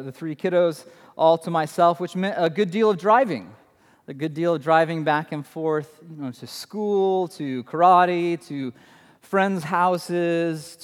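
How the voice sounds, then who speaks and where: Animated preaching man in reverberant church. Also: on the high side. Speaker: pastor. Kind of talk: sermon. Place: church sanctuary. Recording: long hall reverb.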